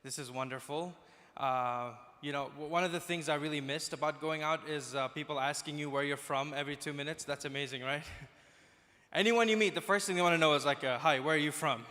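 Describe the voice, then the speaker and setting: A man from Dubai working the crowd as a stand-up comedian, his voice bright and sitting a little high. He talks in a chatty, self-deprecating way. The sound rings out with the long reverb of a big conference hall. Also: brisk.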